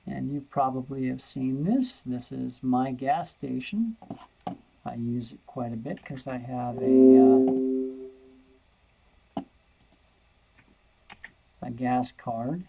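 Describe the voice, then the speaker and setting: A man's voice: mid-range voice, slow, creaky, long pauses, dark tone, husky, low-quality recording. A man teaching a math lesson over a screen recording, thinking aloud and repeating words as he searches.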